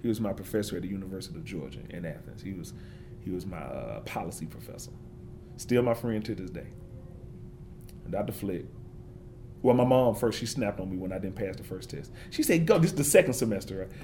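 A man's voice: sits low, expressive, brisk, warm tone, slight background noise. Passionate man with emphatic repetitions. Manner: emphatic, repetitive, preacher-like build-ups. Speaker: forester and interview guest. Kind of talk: passionate interview talk.

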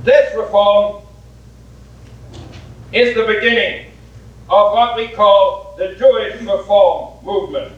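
A man giving an academic lecture in a deliberate way, repeating his key points for emphasis. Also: high voice, steady tone. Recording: echoey, muffled hall recording from a distance.

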